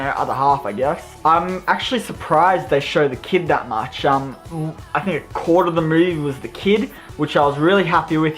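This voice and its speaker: Chatty Australian guy reviewing films. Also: on the high side. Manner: enthusiastic, rambling, self-deprecating. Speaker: movie reviewer. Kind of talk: casual vlog review.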